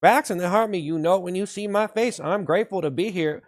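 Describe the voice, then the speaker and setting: A man hosting a livestream, shouting repeated whoops between slow, sarcastic slogans praising himself to his viewers. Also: high-pitched. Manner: sarcastic, ironic self-praise. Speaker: livestream host. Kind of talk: mock-hype livestream chat with viewers.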